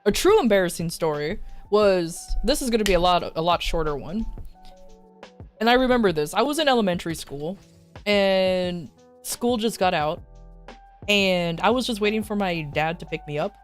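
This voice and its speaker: A young woman streams and tells a casual story in an animated voice, with plenty of laughing and filler words. Her pitch sits in an ordinary middle range, and faint music plays behind her. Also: normal speed. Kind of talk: casual storytelling to a live chat. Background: faint background music.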